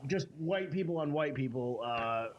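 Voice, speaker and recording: A man with a somewhat high voice tells a story on a podcast in a loose, rambling way. He jokes along and leans on filler words. The recording is a bit muffled, with a faint hiss underneath. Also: expressive, moderate pace. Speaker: podcast co-host. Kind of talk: casual chat, storytelling. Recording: slightly muffled podcast audio.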